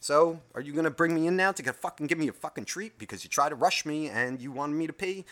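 A man's voice: fairly high pitch, fast, fairly bright tone, natural voice. A man voicing a defiant female pet dog who talks back with smug, profane sass.

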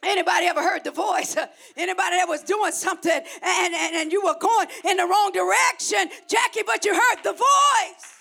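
A middle-aged woman pastor preaching a sermon, shouting in rhythmic repeated phrases and calling on the congregation to respond. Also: very high-pitched, moderate pace, vocal fry, hardly any pauses.

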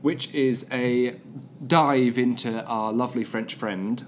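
A man's voice: mid-range voice, steady tone, takes it slowly, slight background noise. Rambling, playful man. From England. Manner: playful, rambling storyteller who jokes through tangents. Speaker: podcast co-host. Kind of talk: casual chat.

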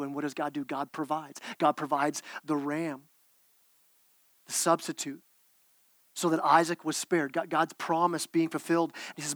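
A man's voice: a little high, steady tone, normal speed, fairly bright tone, no echo. A man preaching a sermon as pastor, earnest, with repeated words and restarts.

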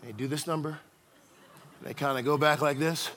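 A man preaching a sermon who tells a story in an animated way and speaks directly to the congregation. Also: on the high side, moderate pace. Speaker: pastor.

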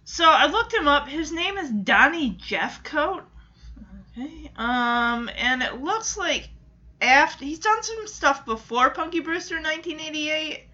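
A woman giving a chatty, casual episode recap, quick to react and mock, on a dull lo-fi recording. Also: high voice, lively intonation, pushed and bright. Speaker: show recapper. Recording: dull lo-fi sound.

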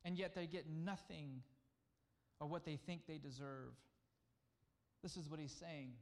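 A man preaching a conversational sermon, at times dropping to a hushed voice to speak as God. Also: fairly high pitch, steady tone, unhurried. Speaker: pastor.

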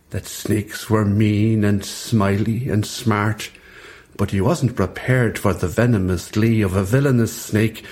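A man's voice: fairly low pitch, darkish tone. A man with an Irish accent, a poet and priest, reading his comic verse with a playful, rhythmic delivery. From Ireland.

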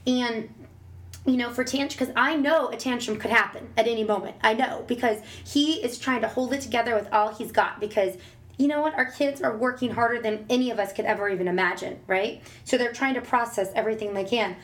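A woman's voice: a little high, fairly quick. A woman, a parent, talking casually and animatedly about raising her child and acting out voices when she quotes. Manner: animated, acts out exaggerated voices when quoting. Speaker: parent sharing advice. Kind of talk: casual advice chat.

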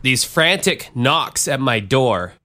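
A man's voice: medium pitch, lively intonation, slow pace, over music. A man hosting a podcast, telling a profane, rambling story in a self-deprecating way. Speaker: podcast host and DJ. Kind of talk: casual storytelling.

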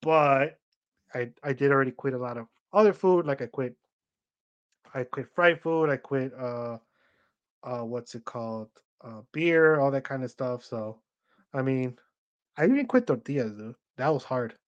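A man's voice: medium pitch, lively intonation, unhurried, smooth, highs cut off. A young man co-hosting a podcast in casual chat, telling rambling stories full of "like" and acting out what others said. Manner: rambling storyteller, acts out quoted voices, many "like" fillers. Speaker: podcast co-host.

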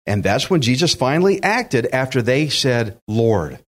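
A man's voice: medium pitch, sing-song, measured pace. A man preaching a sermon, emphatic and direct, acting out quotes and speaking to listeners as friends. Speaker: pastor.

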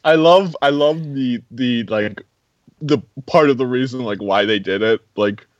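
A man's voice: mid-range voice, unhurried, no room sound. Chatty man on a dull, dry mic. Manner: chatty, many "like" fillers, incredulous asides. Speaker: film podcast co-host. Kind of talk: casual film discussion.

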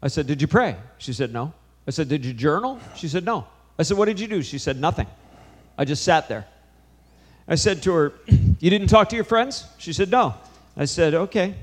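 A man preaching a sermon to a congregation, moving from scripture into a story he acts out line by line. His voice sits a little high for a man. Long reverb of a large hall hangs after his words. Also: animated, a little fast. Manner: storytelling, quoting conversations with shifting emphasis. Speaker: pastor.

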